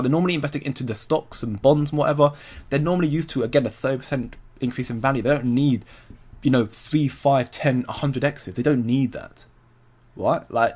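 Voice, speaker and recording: Chatty man hosting a livestream. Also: mid-range voice. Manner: chatty, reads and answers viewer comments, laughs often. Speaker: crypto livestream host. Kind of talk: casual livestream chat.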